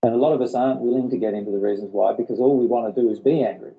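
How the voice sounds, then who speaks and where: A workshop teacher leads a spiritual session, explaining things earnestly and often repeating himself. His medium-pitched voice races along, and the audio is narrow and tinny.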